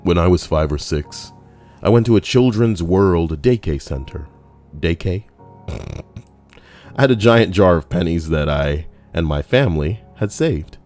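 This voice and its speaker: A man's voice: deep voice, expressive, a little slow, darkish tone, soft background music. A man reading forum stories aloud with comedic commentary, crude and profane, full of jokey asides. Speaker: YouTube narrator reading forum posts.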